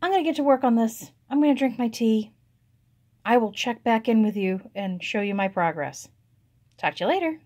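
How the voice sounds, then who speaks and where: A woman's voice: a little high, animated, moderate pace, darkish tone. Chatty woman vlogger. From United States. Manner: chatty, self-deprecating, talks to viewers and her pet. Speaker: cross-stitch vlogger. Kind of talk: casual chatty vlog.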